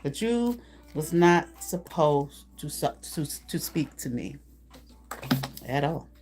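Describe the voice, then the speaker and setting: A woman's voice: sits low, animated, takes it slowly, a little mellow, faint music behind. A woman doing a live card reading, talking bluntly and profanely while laughing often between remarks. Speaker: intuitive card reader.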